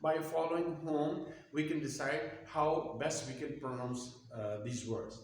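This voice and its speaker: A man teaching pronunciation at a board, speaking deliberately with many hesitations. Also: a little high, fairly even intonation, slight background noise. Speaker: English teacher. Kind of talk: whiteboard lesson on pronunciation. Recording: very echoey room.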